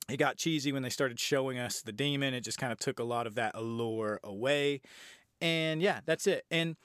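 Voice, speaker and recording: A man's voice: medium pitch, a bit bright, no echo, clean studio sound. A man casually recapping and reviewing a horror film on his podcast, rambling and swearing freely. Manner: rambling, profane, conversational.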